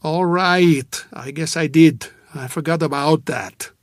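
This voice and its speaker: Man doing a big booming businessman voice, jovial and loud, kinda actorish. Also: slow pace, no echo, clean studio sound. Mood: defensive. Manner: hearty, booming, defensive. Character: jovial, booming middle-aged businessman, blustery.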